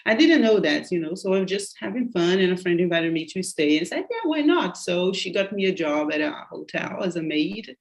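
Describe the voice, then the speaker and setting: A woman's voice: fairly low pitch, brisk, creaky, few pauses. A woman from Brazil, Portuguese by first language, speaking English with a Brazilian accent as host of a casual conversational interview, telling stories in a loose way with restarts. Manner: storytelling, loose and chatty with restarts.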